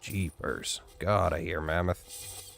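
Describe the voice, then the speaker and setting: Slow, deep-voiced Western Canadian man. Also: steady tone, creaky, background noise. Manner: chatty, folksy, laughs between remarks. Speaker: gaming streamer. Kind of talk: casual gameplay commentary.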